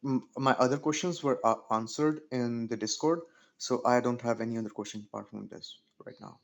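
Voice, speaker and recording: A trainee in an online meeting asks his questions in a mid-pitched voice. He is polite and careful, apologizing and restating things to be understood. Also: fairly even intonation, brisk, gravelly. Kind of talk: casual meeting talk.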